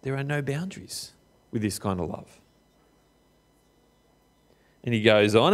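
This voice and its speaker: Speaking with lively pitch swings, a middle-aged pastor delivers his sermon in a conversational way. He puts questions straight to the congregation and now and then slows to an emphatic pace.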